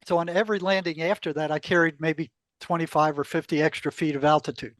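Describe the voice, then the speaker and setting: A man's voice: on the high side, fairly even intonation, fast, fairly bright tone, dry recording. An older man casually telling a long personal story in an interview, acting out quoted exchanges and laughing along the way.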